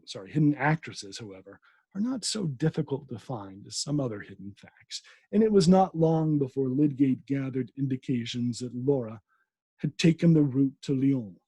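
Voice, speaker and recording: A man's voice: mid-range voice, mellow, breathy edge, dry recording. A man, a podcast host, reading a classic novel aloud with asides, who stumbles over names and corrects himself.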